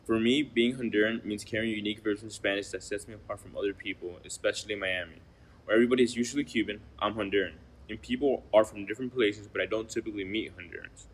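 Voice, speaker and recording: A young man from the United States reading a class presentation, steady, often trailing off quieter at the ends of phrases. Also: lowish voice, fast talker, slight background noise, poor audio. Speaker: student presenter.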